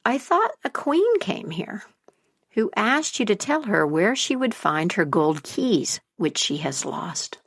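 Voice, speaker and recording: A restless young captive princess from a fairy tale, speaking high and pleading, as a woman storyteller puts her on. Her voice swings widely and she speaks slowly. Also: big pitch swings, creaky, breathy edge, exaggerated voice. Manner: high, pleading, startled cries.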